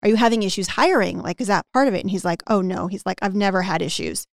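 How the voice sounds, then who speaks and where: A woman on a podcast who coaches business owners on hiring and team culture, telling a story with lively acted-out quotes and lots of "like". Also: mid-range voice, fast talker, creaky, dry recording, clean studio sound. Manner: animated anecdote-telling with acted-out quotes and frequent "like".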